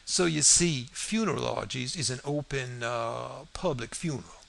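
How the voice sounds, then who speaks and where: A man's voice: mid-range voice, normal speed, gravelly, fairly bright tone, slight background noise. A man reading the lines of a smug old male swindler who pompously rambles and poses as an Englishman. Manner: pompous, rambling, self-satisfied.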